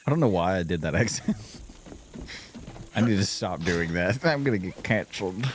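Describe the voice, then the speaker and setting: A man's voice: low-pitched, expressive, normal speed, slight background noise. A man giving casual, giggly gameplay commentary, rambling and poking fun at himself. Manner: giggly, rambling, self-mocking. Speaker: gameplay streamer.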